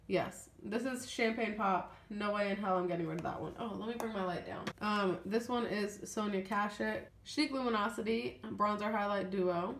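A woman's voice: medium pitch, normal speed, few pauses. A young woman vlogging casually about her makeup, rambling with ums and a bit sniffly from feeling unwell. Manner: chatty, rambling, trailing off with ums. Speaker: beauty vlogger. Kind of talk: casual makeup declutter chat. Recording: echoey room with faint noise.

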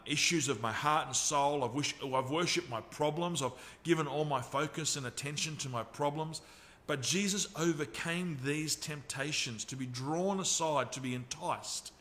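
Australian male pastor, slightly higher voice, earnest sermon delivery that slows on key lines. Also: a bit bright. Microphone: livestream camera mic.

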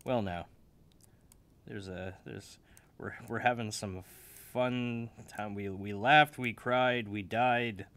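A young man making a beat in his office, joking at himself, loud one moment and mumbling the next, still waking up. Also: lowish voice, fairly even intonation, slow pace, dry recording. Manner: joking, self-mocking, swings between loud and mumbled. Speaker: music producer. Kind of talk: casual talk while making a beat. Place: home office.

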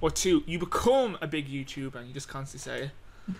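Joking Irish man, slightly high voice. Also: expressive, a little fast, a little hiss or hum. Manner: dry, joking banter. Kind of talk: casual chat.

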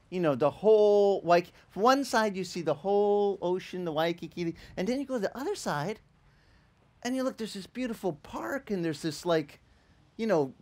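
A male pastor telling a lively story in a sermon, acting out the people in it and laughing as he goes. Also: high-pitched. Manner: animated, acts out quoted voices, laughs while telling. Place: church in Hawaii.

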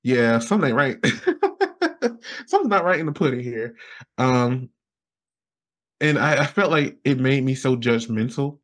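A young man from Alabama, a podcast guest telling his story casually and acting out his younger self with lively exclamations. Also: unhurried, long pauses. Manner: animated, acts out his past self with high exclamations and laughs.

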